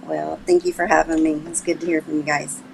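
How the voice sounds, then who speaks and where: A woman's voice: low-pitched, flat delivery, fairly quick, creaky, a little hiss or hum, poor audio. A woman calling in as a guest, polite and a little hesitant in casual chat. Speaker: caller guest.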